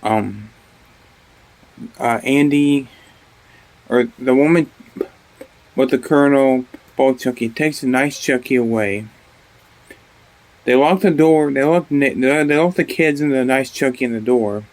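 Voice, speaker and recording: A man talks through a show in a casual vlog, swearing freely and tripping over his own sentences. He gets emotional and animated as he goes, with a voice of ordinary pitch. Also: a little slow, pauses often. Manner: rambling, profane, with many restarts. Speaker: TV show reviewer.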